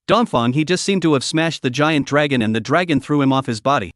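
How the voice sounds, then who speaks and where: A man's voice: mid-range voice, a little fast, no echo. Man narrating a story recap, dry.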